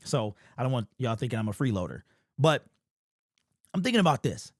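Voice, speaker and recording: A man's voice: medium pitch, very animated, brisk, dry recording, studio quality. A man in his forties hosting a casual fan commentary vlog, chatty and rambling with frequent restarts. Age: 40s. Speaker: sports YouTube channel host.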